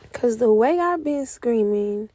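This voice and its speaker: A young woman giving an emotional spoken testimony, moving between hushed whispers and loud outcries. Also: a little high, dry recording. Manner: speaks slowly with heavy pauses. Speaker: prophetic speaker. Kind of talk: testimony sermon.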